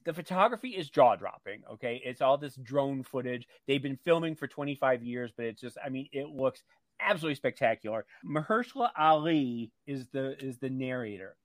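A man co-hosting a radio show, talking in an animated, gushing way in casual chat. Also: medium pitch, a little fast, no echo. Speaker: radio co-host. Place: radio studio.

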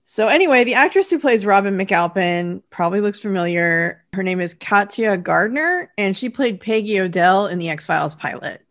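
A woman co-hosting a podcast, chatting and recapping a TV episode in a relaxed, conversational way. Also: medium pitch, normal speed, hardly any pauses. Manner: conversational, with hedging fillers. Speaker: podcast co-host. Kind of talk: casual chat and episode recap.

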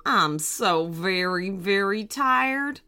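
A woman playing a sad, tired middle-aged male farmer in a children's storybook reading, speaking slowly and mournfully. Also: fairly high pitch, big pitch swings, pushed and bright, soft background music, full character voice. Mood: weary. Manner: slow, mournful delivery.

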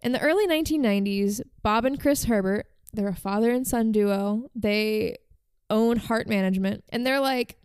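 Chatty woman podcast host, smooth voice. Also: fairly high pitch, normal speed, darkish tone, dry recording. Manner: chatty, frequent "like" fillers. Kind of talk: casual storytelling chat.

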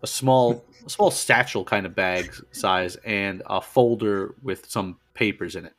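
A man's voice: fairly low pitch, unhurried, a bit bright. A man narrating as game master, describing scenes and asking players what they do.

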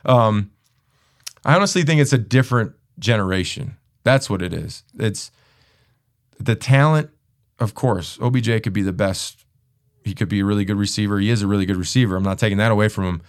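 A man co-hosting a casual sports podcast, telling stories with energy and often jumping into mimicking voices. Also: a little fast. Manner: animated storyteller, jumps into high mimicking voices.

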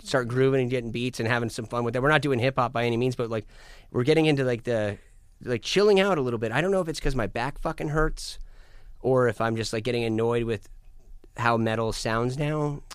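Male musician guest, mid pitch, dry close sound, lively profane storyteller. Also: a little fast, clear, resonant tone, no echo. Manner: animated, swearing, acts out quotes. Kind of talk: casual storytelling.

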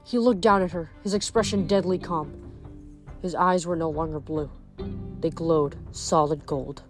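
Young woman, novel reading, lowish voice, chatty asides, soft music behind. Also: unhurried. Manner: casual and chatty in comments, with fillers. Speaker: reader.

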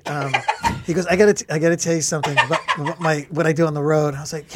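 High-voiced man acting out a story. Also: rapid-fire, very noisy. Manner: animated, acts out quoted lines. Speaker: comedian guest. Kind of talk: casual podcast storytelling. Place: podcast studio.

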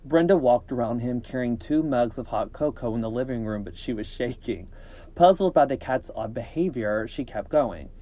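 A man's voice: mid-range voice, warm tone. A man casually reading a scary story aloud on a podcast, with small slips and joking asides.

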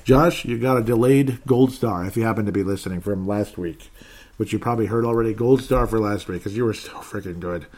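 He talks a little quickly in a fairly low, darkish voice, running a laid-back sports talk show where he reads listener remarks aloud and laughs a lot. For a brief bit, he jokingly adopts a Canadian accent.

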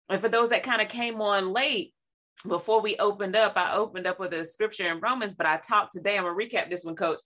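A woman, sharing devotional reflections and quoting scripture in a lively, conversational preaching way. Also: medium pitch. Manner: animated, quotes scripture, acts out voices. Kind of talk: faith talk, conversational preaching.

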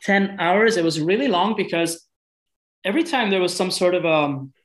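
A man from Europe, a guest telling a story in a casual, halting way, often repeating words and restarting. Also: high voice, lively intonation, rough recording.

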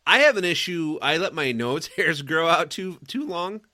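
Animated, laughing young man. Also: fairly high pitch, normal speed, no room sound, studio quality. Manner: laughs often, stammers and restarts. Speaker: podcast co-host. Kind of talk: casual chat.

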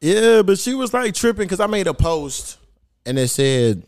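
A man hosting a casual podcast chat, telling stories in an animated, profane way. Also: high voice, normal speed, clean tone.

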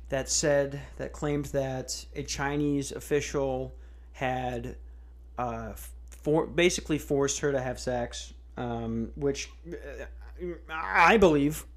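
An American podcast host with a medium-pitched voice rants slowly in a casual, comedic way. He's sarcastic and profane, swearing a lot and rambling with frequent restarts.

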